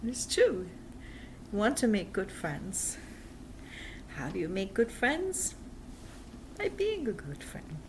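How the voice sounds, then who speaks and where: A woman speaking softly and calmly, like a mother, as she hosts a children's video, sometimes dropping to a whisper. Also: mid-range voice, slow pace, pauses often, background noise. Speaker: host of a children's Islamic video. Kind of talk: gentle instruction for children.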